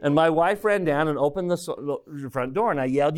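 A middle-aged man giving a speech, telling personal stories in an animated way and acting out the people he quotes. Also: on the high side, a little fast. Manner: animated storyteller, acts out quotes, chuckles through stories. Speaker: speaker addressing an audience.

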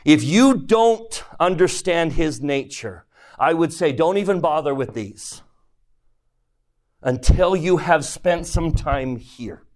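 A man's voice: a little high, lively intonation, slow pace, darkish tone. A man teaching a religion class, lecturing on scripture and posing questions to his listeners as he retells the story.

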